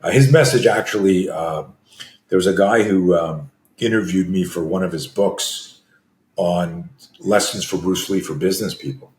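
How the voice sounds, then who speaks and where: A self-defense coach from Canada, now in his sixties, tells stories as a conversation guest, punctuating them with acted-out screams and gasps. His voice sits low with a darkish tone at a normal speed, and the recording carries a roomy echo.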